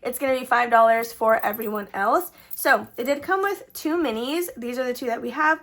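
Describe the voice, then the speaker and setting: A woman's voice: a little high, moderate pace, fairly bright tone. A young woman casually vlogging her savings challenges, chatty and full of fillers, her sentences trailing up at the end. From Texas. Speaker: budgeting vlogger.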